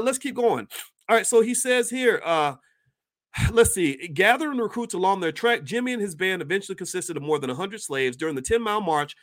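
A man with a fairly high voice reads passages from a book aloud. He often breaks off into lively spoken asides and restarts words when he stumbles over them. His delivery is casual commentary rather than polished narration.

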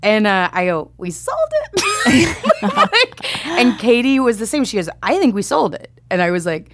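A woman's voice: medium pitch, animated, brisk, heavy background noise. A woman casually telling a story in conversation, chatty and self-deprecating, with many fillers and laughs. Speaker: comedy writer telling a story.

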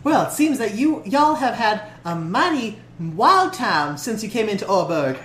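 A woman's voice: medium pitch, big pitch swings, measured pace, a bit bright, roomy sound, a little hiss or hum. Woman doing a gracious Southern gym leader lady. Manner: folksy drawl, uses y'all and mighty.

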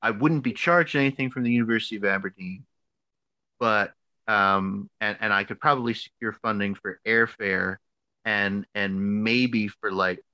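An American man in his thirties, a podcast co-host, telling a story casually with lots of fillers and lively quoted voices. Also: on the low side, normal speed, no echo. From United States. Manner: animated, filler-heavy storytelling.

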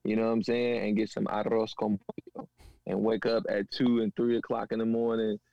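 A man from a Panamanian family in the US, telling stories in a casual conversation with animated slang. He often asks "you know what I'm saying". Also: lowish voice, brisk, vocal fry, dry recording, highs cut off. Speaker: guest.

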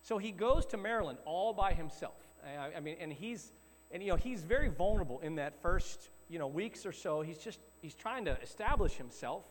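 A man's voice: high voice, animated, normal speed, long reverb tail. A middle-aged man, a pastor, preaching a sermon in a conversational, storytelling way. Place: church hall.

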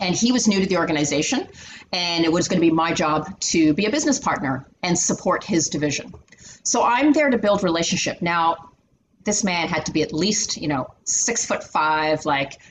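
A middle-aged woman speaking as an interview guest, telling candid workplace stories with animated, filler-heavy phrasing. Her voice sits a little low for a woman. Faint ambient noise stays in the background. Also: poor audio. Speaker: interview guest, finance executive. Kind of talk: candid storytelling in conversation.

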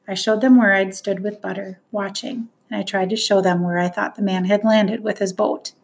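Brief: woman narrator, measured first-person storytelling, earnest delivery. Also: medium pitch, steady tone, vocal fry. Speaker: audiobook narrator.

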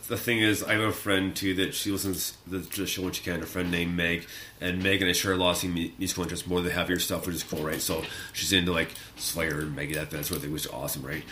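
A man co-hosting a radio show, chatting casually, animated, often laughing and mimicking people. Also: low-pitched, fast talker, a little hiss or hum. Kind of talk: casual on-air chat.

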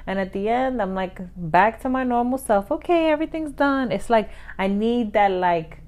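A woman's voice: on the high side, moderate pace. A woman co-hosting a podcast, talking casually and getting riled up, with frequent laughs. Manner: animated, gets riled up and laughs. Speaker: podcast co-host. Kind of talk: casual chat.

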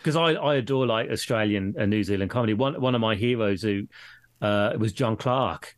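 A man's voice: lowish voice, moderate pace. A middle-aged man from Britain, a guest in casual chat, who rambles, restarts often and laughs a lot while telling stories. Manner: rambling, laughs often, voices others in anecdotes.

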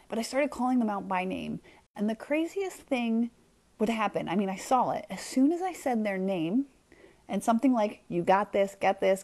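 Chatty woman podcast host. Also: medium pitch. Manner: chatty, animated storytelling with many fillers. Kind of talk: casual motivational talk.

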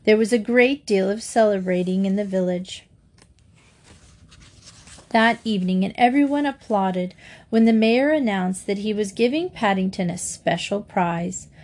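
A woman reading a children's storybook aloud in a gentle, steady storytelling manner. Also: medium pitch, measured pace. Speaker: storybook reader.

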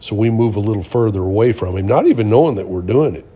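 Man, middle-aged, husky, warm and dark tone, earnest preacher-style storytelling. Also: lowish voice, lively intonation, fast. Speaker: co-host of a Christian talk show. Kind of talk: casual testimony and storytelling.

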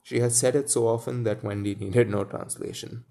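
Man, storybook reading with asides, dark mellow tone, musing. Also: mid-range voice, fairly even intonation, normal speed, creaky. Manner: muses aloud between passages. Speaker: reader.

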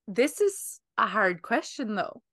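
She's a podcast co-host with a mid-pitched voice who mostly reacts with quick remarks. Her voice sounds dry and close. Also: big pitch swings, fairly bright tone, no echo. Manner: reactive, short interjections and laughs. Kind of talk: casual chat.

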